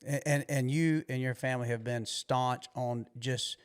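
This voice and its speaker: A man's voice: medium pitch, steady tone, normal speed, smooth. A man hosting a podcast, telling stories bluntly and with emphasis in casual conversation. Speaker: podcast host.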